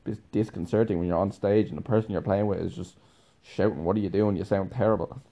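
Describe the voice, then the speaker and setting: A man's voice: fairly low pitch, steady tone, fast talker, warm tone. A young man telling a casual, rambling story, laughing often and filling his talk with "like". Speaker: podcast host, musician.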